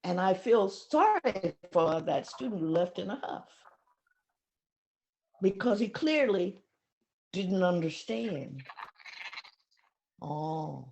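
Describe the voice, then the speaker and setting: Older woman, 70s, reflective storyteller; unhurried, lively intonation, emotional pauses. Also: on the low side, creaky, slight background noise. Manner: emotional, pausing, acts out voices in her stories. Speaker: speaker sharing memories of her teacher.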